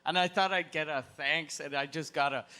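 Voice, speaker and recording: A man's voice: on the high side, steady tone, a little fast, bright, forceful tone. A man co-hosting a podcast, laid-back and joking, chiming in with short replies. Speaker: podcast co-host. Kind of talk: casual podcast chat.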